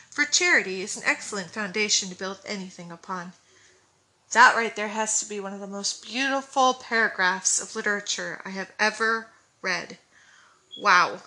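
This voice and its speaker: A woman reading a classic novel aloud, who pauses now and then to comment on the text. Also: a little high, sharp tone, low-quality recording. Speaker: audiobook reader.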